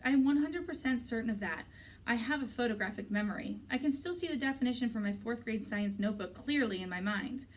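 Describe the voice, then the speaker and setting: A woman teacher reads a children's novel aloud in a steady, clear way. Her voice sits fairly high. It is picked up from a little way off. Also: fast talker, far from the mic, slight background noise, rough recording. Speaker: teacher reading a book aloud.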